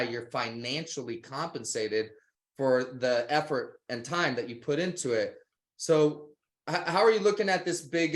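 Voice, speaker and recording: Upbeat motivational man hosting a webinar. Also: on the high side. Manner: enthusiastic, motivational, addresses viewers as guys. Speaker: webinar host. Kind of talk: webinar interview.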